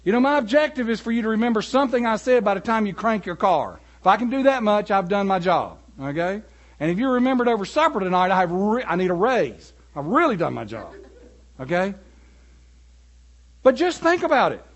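A man preaching a sermon, animated and building to emphatic peaks. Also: sits high, a little fast, highs cut off.

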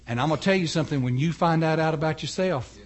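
A male preacher in a storytelling sermon, with a notably high voice. He retells the story in casual, folksy language and speaks straight to the congregation. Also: fast talker. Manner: folksy, conversational, addresses the congregation.

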